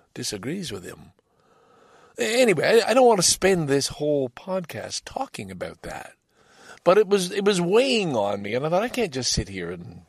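A man's voice: medium pitch, vocal fry, breathy edge, no room sound, clean studio sound. A man talking alone on his own podcast, rambling and reflective, often restarting his sentences. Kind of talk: casual solo podcast monologue.

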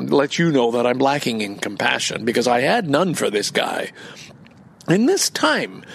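A man with a gravelly, husky voice talks off the cuff outdoors in a park. His pitch swings widely as he rambles, curses and turns indignant. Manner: rambling and profane, flaring up when indignant. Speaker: vlogger. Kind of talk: casual rambling monologue.

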